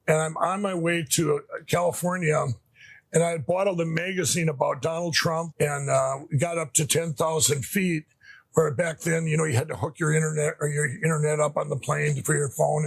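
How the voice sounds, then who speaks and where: A man's voice: on the high side, gravelly, slightly rough. A middle-aged man telling his personal story in an interview, rambling with frequent restarts and emotional asides. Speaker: interview guest. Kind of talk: conversational storytelling.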